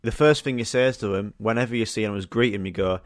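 A man's voice: lowish voice, fast, no room sound, clean studio sound. A young man hosting a solo podcast, chatting casually and swearing through rambling stories. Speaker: podcast host.

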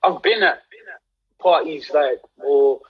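As the guest in a relaxed livestream interview, a young actor from London tells anecdotes with a London accent, perking up with animation as the stories unfold. He takes it slowly in a slightly rough voice on the high side, recorded with lo-fi sound.

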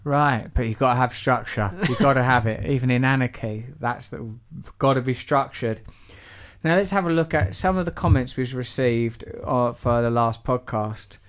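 A man's voice: medium pitch, moderate pace, smooth, no echo. A man hosting a podcast, teasing and rambling through asides between introductions. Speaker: podcast host. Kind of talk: playful podcast intro and banter.

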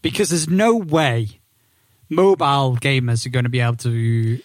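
A man's voice: mid-range voice, moderate pace, no room sound, clean studio sound. A man co-hosting a casual gaming podcast, asking playful, teasing questions. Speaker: podcast co-host.

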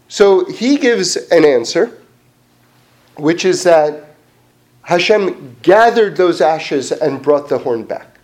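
A man with a fairly high voice leads an informal Torah class. He speaks in an animated, chatty way, restarting sentences and sprinkling in fillers as he talks through a question. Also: slow pace. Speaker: Torah teacher.

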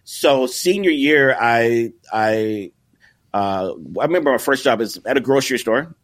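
Lively storytelling middle-aged man. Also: mid-range voice, unhurried, dry recording. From Chicago area. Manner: animated, acts out quoted voices, many restarts. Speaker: guest, content creator. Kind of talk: casual storytelling in conversation.

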